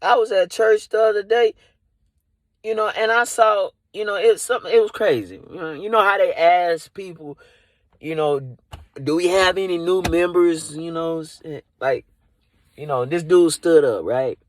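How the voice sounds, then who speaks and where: A man's voice: high voice, normal speed, no echo. A man doing improvised comedy from inside a car, rambling and leaning on "you know" and "like". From Dallas area.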